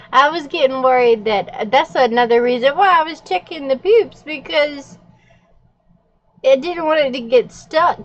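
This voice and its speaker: Giggly high-voiced woman vlogging. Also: highs cut off. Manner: giggly, laughs often while telling stories. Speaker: vlogger host. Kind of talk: casual plan-with-me vlog chat.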